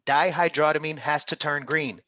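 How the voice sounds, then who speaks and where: A man's voice: on the high side, fairly even intonation, normal speed, bright, forceful tone, no room sound, lo-fi sound. A man tutoring an interactive online medical exam class, upbeat and coaxing, calling on students by name.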